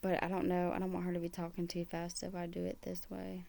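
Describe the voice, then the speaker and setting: A woman's voice: fairly low pitch, completely flat delivery, fast talker, creaky, background noise. A woman hosting a reaction video, making blunt, exasperated running remarks over a clip she is playing. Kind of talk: casual commentary over a played video.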